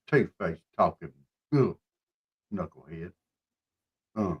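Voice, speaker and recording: Male co-host, animated ranter with a bouncy, lively voice, mocking tone. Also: normal speed. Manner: ranting, mocking, swings between loud outbursts and low mutters. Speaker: show co-host. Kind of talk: casual political chat.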